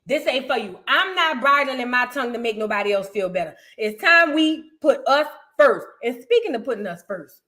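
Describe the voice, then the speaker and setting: A woman with a high, bright-sounding voice hosts her own commentary channel. She rambles in loose slang and speaks bluntly and animatedly. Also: lively intonation, normal speed, hardly any pauses. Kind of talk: casual reaction commentary.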